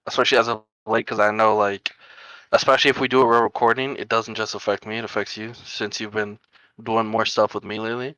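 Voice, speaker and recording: A young man with a bright, forceful voice talks loosely and bluntly on a podcast, laughing between lines. The sound is close and dry, with no room around it. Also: on the low side, little pitch movement, fast talker, clean tone, dry recording, poor audio. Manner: blunt, unfiltered, laughs often. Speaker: podcast co-host. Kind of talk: casual chat.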